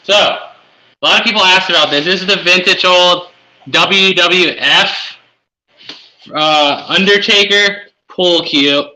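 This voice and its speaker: A man presents collectibles on a live auction stream in a relaxed, matter-of-fact way, explaining the starting bid and the item's condition. His voice sits a little high and sounds very bright. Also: slow pace, low-quality recording. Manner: casual, describes items for sale.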